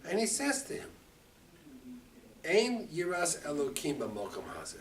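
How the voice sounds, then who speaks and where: A rabbi teaching a Torah class, lively and expressive, acting out the quotes and mixing in Hebrew terms. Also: male voice, fairly high pitch, measured pace. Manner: animated, acts out quotes, mixes Hebrew terms. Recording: distant mic with faint room ambience.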